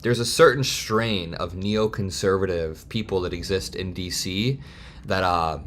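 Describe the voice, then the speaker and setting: A man in his twenties giving heated, fast political commentary straight to camera. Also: low voice, a bit bright. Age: 20s. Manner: heated, fast, worked-up ranting.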